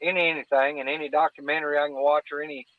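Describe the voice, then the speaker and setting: A man's voice: a little high, little pitch movement, very fast, dry recording. A man from North Alabama with a Southern accent, a podcast guest talking in a folksy, earnest way and often repeating words as he searches for them. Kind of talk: casual chat. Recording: dry, phone-like line.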